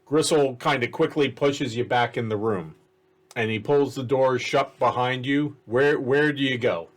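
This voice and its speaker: Slow, halting male game master. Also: mid-range voice. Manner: halting, restarts sentences. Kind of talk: narrating a tabletop game.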